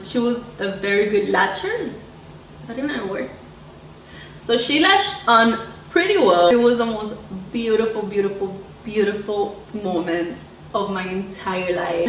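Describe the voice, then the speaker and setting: A woman's voice: on the high side, distant mic, slight background noise. Chatty young woman telling a personal story. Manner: chatty, animated retelling with quoted dialogue. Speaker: vlogger. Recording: echoey room, voice a bit off-mic.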